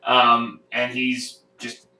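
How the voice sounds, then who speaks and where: A man running a home tabletop game, describing each scene in a halting way with plenty of ums and uhs. His voice is bright and clear, picked up from a distance in a roomy room at home. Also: medium pitch, completely flat delivery. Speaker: game master. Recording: roomy sound from a distant mic.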